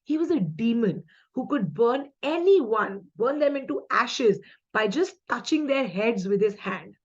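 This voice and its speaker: A woman's voice: a little high, animated, a little slow, slightly rough. Chatty indian english lady teacher doing exam quiz prep, kinda lo-fi muffled audio. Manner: chatty, mixes in Hindi asides, upbeat. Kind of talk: quiz lesson with explanations.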